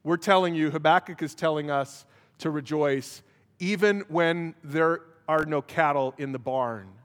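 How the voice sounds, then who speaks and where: A male pastor preaching a sermon while emotional, swinging between loud emphatic passages and hushed prayer. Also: fairly high pitch, a little slow. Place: church. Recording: long church hall reverb.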